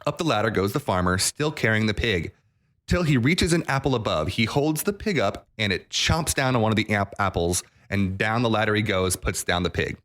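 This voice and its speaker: A man co-hosting a podcast, telling a long joke in a relaxed, chuckling way. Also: fairly low pitch, a little fast. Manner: chuckling, easygoing storyteller. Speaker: podcast co-host.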